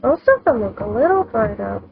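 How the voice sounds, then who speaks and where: A woman's voice: a little high, big pitch swings, moderate pace, creaky. A woman hosting a let's play, musing casually and thinking aloud about the game. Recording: phone-like lo-fi mic with game music.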